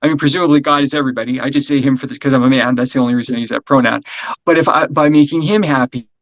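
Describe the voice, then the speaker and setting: A middle-aged man talking as an interview guest in a casual, energetic way, rambling, restarting and asking "right?" often. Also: mid-range voice, very fast, no room sound, highs cut off. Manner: energetic, rambling, repeats words, frequent "right?".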